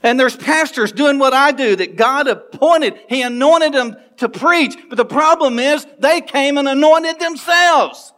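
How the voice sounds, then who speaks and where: A man preaching a sermon as pastor, animated, laughing and making quick asides to the congregation. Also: very high-pitched.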